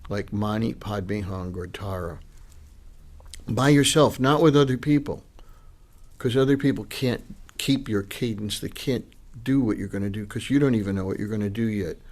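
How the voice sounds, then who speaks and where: A man leading a Dharma class in a fairly low voice. He teaches as a Buddhist lama in a loose, conversational way. He acts out the voices he quotes. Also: darkish tone. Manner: informal and chatty, acting out quoted voices. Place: meditation class with students.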